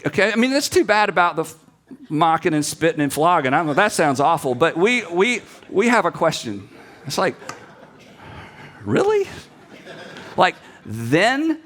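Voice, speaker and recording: Animated, lively-pitched man preaching. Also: normal speed. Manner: animated storyteller who acts out quotes and drops to quiet emphasis. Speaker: pastor. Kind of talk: sermon-style talk to seminary students.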